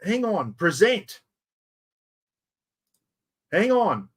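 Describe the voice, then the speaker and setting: Casually chatting on a live stream, an Australian man with a fairly high, husky voice keeps addressing his audience, mocking his own clumsiness with the software in good spirits. He speaks in a sing-song manner, drawing out his words.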